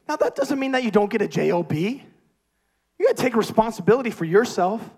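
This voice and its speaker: A man preaching a sermon with energetic, emphatic repetition. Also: high-pitched, brisk, vocal fry, breathy edge.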